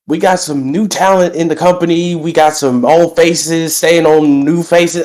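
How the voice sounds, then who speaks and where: A young man cuts a brash wrestling promo, stretching out his greetings and boasting loudly. He is getting over a bout of sickness. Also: mid-range voice, moderate pace, few pauses. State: recovering from being sick. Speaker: wrestling roleplayer cutting a promo.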